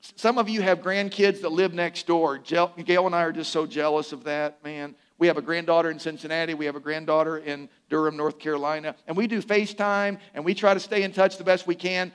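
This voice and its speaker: Older male pastor, slightly raised pitch; casual, joking sermon delivery that eases into quiet, slow stress on key lines. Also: level tone, clean tone. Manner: conversational preaching with asides and humor; drops to soft, slow emphasis on key phrases.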